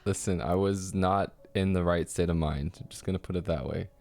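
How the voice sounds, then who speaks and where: A man in casual chat, speaking slowly and sheepishly in his own defense. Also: low voice, fairly even intonation, vocal fry, a little mellow. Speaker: guest, boyfriend in the story.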